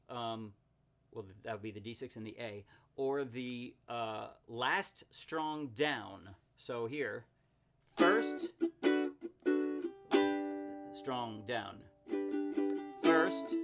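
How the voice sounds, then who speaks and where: A man explaining ukulele chords and strumming in a casual tutorial, chatty and often correcting himself with quick apologies. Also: mid-range voice. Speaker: ukulele teacher. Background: ukulele playing.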